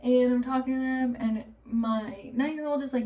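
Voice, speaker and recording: A woman's voice: sits high, normal speed. Chatty mom in her thirties, mic far off. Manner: chatty, animated storytelling, acts out family members' lines. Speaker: vlogger and mother of three. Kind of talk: casual chat to camera.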